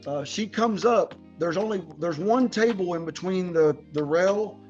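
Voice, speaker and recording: A man's voice: sits high, a little slow, darkish tone, lo-fi sound, soft background music. A man hosting a podcast, telling long rambling stories in slangy talk full of "bro" and swearing. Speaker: podcast host. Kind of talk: casual podcast chat.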